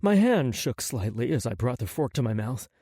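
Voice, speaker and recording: A man reading a first-person novel as an audiobook narrator, with an expressive, intimate delivery. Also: medium pitch, moderate pace, slightly rough, no room sound, studio quality.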